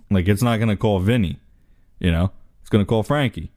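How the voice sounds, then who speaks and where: Laughing low-voiced man reading aloud. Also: animated, normal speed, darkish tone, no echo, clean studio sound. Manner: giggly, breaks into laughter while reading. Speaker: co-host reading an entry aloud. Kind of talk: casual chat, reading text aloud with commentary.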